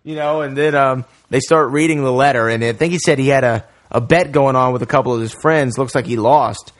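Male podcast host, casual film chat, animated retelling, mid pitch, dry sound. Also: fairly quick, dry recording. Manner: animated retelling, many fillers.

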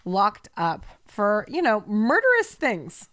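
A woman's voice: medium pitch, slow, no echo. A young woman co-hosting a casual chat show, telling stories with lots of swearing and acted-out quotes. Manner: animated storyteller, swears freely, acts out quotes. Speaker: podcast co-host.

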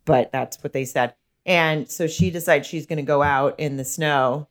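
A woman's voice: low-pitched, fairly even intonation, normal speed. A woman comedian co-hosting a podcast, chatting casually in a blunt, profane, chatty way. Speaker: podcast co-host. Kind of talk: casual chat.

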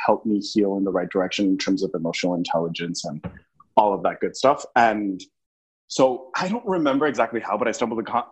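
A man being interviewed as a podcast guest, telling a personal story in an eager, animated way with many fillers. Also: fairly low pitch, breathy edge, poor audio.

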